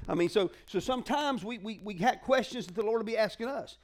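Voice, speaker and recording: A man's voice: sits high, brisk, few pauses. A male pastor preaching a sermon in a conversational, call-and-response way, full of colloquial asides to the congregation.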